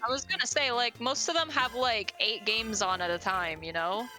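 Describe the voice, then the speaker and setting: A young adult woman telling animated stories and laughing often while chatting casually on a group stream. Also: fairly high pitch, normal speed, soft background music. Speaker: streamer shiny hunting.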